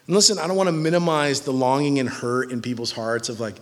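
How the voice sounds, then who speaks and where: A man's voice: a little high, expressive, fast talker, few pauses. A man in his twenties preaching a sermon in a church hall, conversational and jokey. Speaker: pastor. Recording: long reverb of a large hall.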